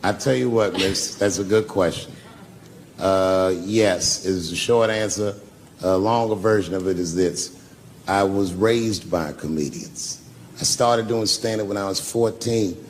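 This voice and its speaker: A man's voice: deep voice, measured pace, a little hiss or hum. A man doing live stand-up, telling stories in a loose, profane, conversational way. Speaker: stand-up comedian.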